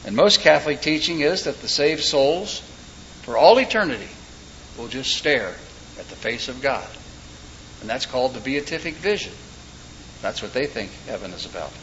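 A man preaches a sermon in a folksy style, tossing in joking asides and brief stories. His voice is medium in pitch with a fairly bright tone, captured in a dull lo-fi recording with faint background noise.

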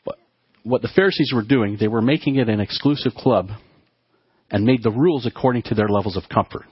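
A man preaching a sermon to his congregation, often halting and restarting his words as he talks. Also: medium pitch, husky, no echo, dull audio. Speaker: pastor.

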